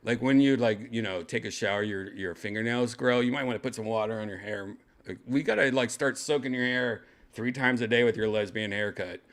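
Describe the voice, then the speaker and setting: A man's voice: on the low side, brisk, a bit bright. An older man hosting a casual show from his home, rambling and joking crudely. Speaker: host. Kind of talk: casual chat. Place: second-floor home room.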